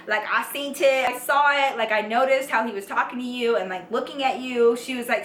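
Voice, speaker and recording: A young woman tells a storytime vlog in a chatty, swear-filled way. Her voice sits a little high and sounds bright and forceful. The room around her rings with a noticeable echo. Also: a little fast, hardly any pauses, slight background noise. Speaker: YouTube storyteller.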